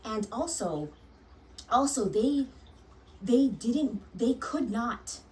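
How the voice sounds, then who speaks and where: A woman's voice: on the high side, animated, slow pace, darkish tone, recorded from a distance, poor audio. A woman who works as a nurse, telling a personal story frankly and heatedly, swearing often and restarting her sentences.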